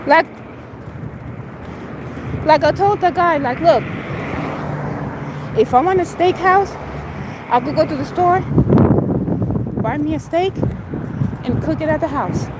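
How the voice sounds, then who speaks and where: Sassy, slow-talking woman outdoors. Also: high voice, heavy background noise. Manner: blunt, sassy storytelling. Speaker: vlogger. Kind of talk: casual livestream chat.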